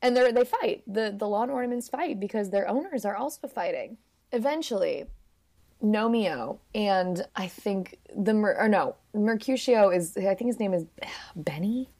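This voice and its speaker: A woman's voice: medium pitch, expressive, measured pace, a little mellow. A woman casually and playfully recapping a film in conversation, acting out characters in silly voices. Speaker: podcast co-host recapping a film. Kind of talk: casual chat.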